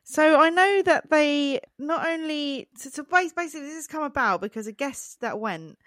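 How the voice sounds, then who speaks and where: A woman's voice: sits high, normal speed, dry recording. A woman co-hosting a wedding podcast, telling a funny story with lots of laughter. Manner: giggly, animated storyteller. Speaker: podcast co-host. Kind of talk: casual chat.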